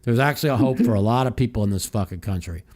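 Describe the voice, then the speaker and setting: A man's voice: medium pitch, quick pace, darkish tone. Guy hosting a call-in show, rambling and heated, swears a lot, keeps restarting sentences. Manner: restarts and repeats himself. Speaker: podcast host. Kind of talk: casual call-in chat and rant.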